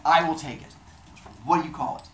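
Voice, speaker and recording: A man's voice: on the high side, fairly quick, a bit bright, recorded from a distance, slight background noise, voice pushed up, natural voice. Zeus, a man voicing a blustery god king. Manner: blustery, exasperated. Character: Zeus, loud grumpy king of the gods. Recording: roomy echo.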